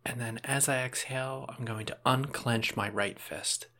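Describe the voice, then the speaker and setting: A man calmly guiding listeners through a breathing and muscle relaxation exercise, step by step, with small casual asides. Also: medium pitch, normal speed. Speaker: relaxation instructor.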